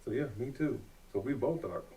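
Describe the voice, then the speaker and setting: A man's voice: medium pitch, animated, normal speed, mellow, far from the mic, rough recording. A father telling a story in an interview, plainspoken with many fillers.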